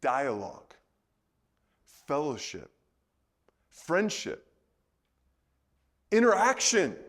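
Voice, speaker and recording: A man preaching a sermon in a conversational way, full of rhetorical questions, moving between soft and loud delivery. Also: fairly high pitch, wildly swooping pitch, extremely slow. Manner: conversational, repeats words.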